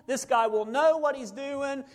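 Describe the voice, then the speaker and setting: A middle-aged man, a preacher, telling a personal story in a sermon, swinging between loud bursts and hushed moments. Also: extremely high pitch, unhurried.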